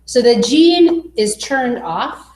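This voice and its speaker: A woman teaching a biology class, explaining slowly and checking in with her students as she goes. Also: on the high side, expressive, darkish tone. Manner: slow, explanatory, checks in with okay. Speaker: biology instructor. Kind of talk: classroom lecture. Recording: echoey classroom with faint noise.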